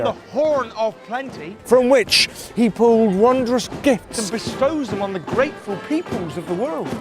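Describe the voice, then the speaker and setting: High, lilting man narrating a folk tale over music, a storyteller.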